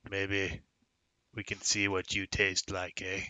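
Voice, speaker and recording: A man voicing a hungry, lumbering ogre who talks in a slow, leering way. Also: sits low, monotone, bright, forceful tone, dry recording, exaggerated voice.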